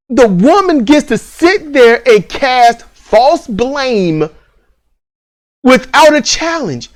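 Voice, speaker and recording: A man with a high, very lively voice that leaps up and down as he rants. He co-hosts a casual review chat and talks in a blunt, profane way, often breaking into laughs. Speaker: podcast co-host reviewing a TV series.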